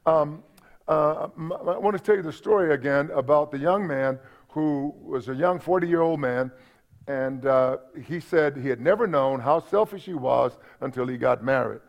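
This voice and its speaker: At a moderate pace and in a slightly high voice, a male pastor gives a folksy, humorous sermon. He repeats his points and talks to the congregation in asides, and the church recording is dull and lo-fi.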